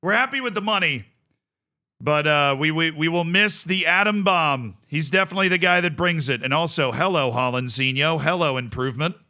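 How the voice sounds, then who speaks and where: A man streaming a game live, talking casually into his desk mic. His voice sits a little high, with a smooth, crisp tone. He reads chat aloud and now and then bursts into excited shouts. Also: fairly quick. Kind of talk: casual live-stream commentary while playing.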